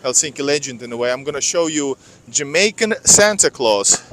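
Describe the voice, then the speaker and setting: A man's voice: mid-range voice, animated, moderate pace, a bit bright, slight background noise. A man walking a city street in winter, talking casually and rambling to his viewers on a clip-on mic. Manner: rambling, chatty, addresses viewers as guys. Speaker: vlogger. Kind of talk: casual live street vlog. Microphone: clip-on microphone.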